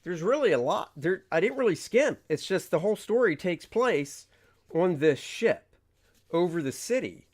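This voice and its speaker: A man's voice: sits high, sing-song, moderate pace. A man, a comic artist, chatting casually on a livestream, rambling, reading viewer questions aloud and acting out his panels. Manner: rambling, reads chat aloud, acts out panels.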